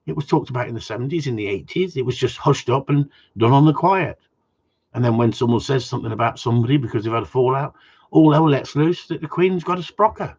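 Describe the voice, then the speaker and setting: Blunt, husky dog trainer. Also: male voice, medium pitch, quick pace, a little mellow. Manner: blunt, rambling, swears casually, repeats words. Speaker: gundog trainer answering viewer questions. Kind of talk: casual Q and A chat. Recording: dull lo-fi sound.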